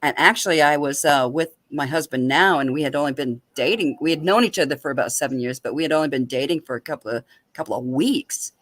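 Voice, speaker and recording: Woman telling a story with lively energy. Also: sits low, quick pace, few pauses, no room sound. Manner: lively, animated retelling with laughter. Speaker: open mic guest. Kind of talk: personal storytelling.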